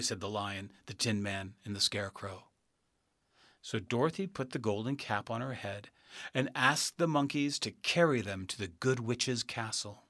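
A man reading a storybook aloud, slow and expressive. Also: fairly low pitch, no echo, studio quality. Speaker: narrator.

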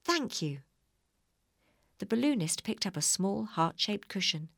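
A woman reading a children's storybook aloud, calm and clear at a middle pitch. The sound is dry and close, with no room around it. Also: normal speed, no room sound. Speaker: narrator.

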